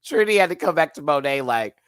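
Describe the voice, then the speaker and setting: A man's voice: fairly high pitch, quick pace, clear, resonant tone, dry recording. A man giving a live reaction review of a reality show, laughing often and breaking into impressions. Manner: animated, laughing, doing impressions.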